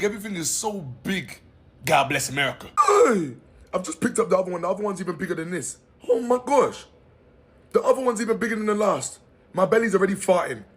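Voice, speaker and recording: A man's voice: a little high, breathy edge. A man filming a comic eating vlog, exaggerated and jokey. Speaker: food vlogger.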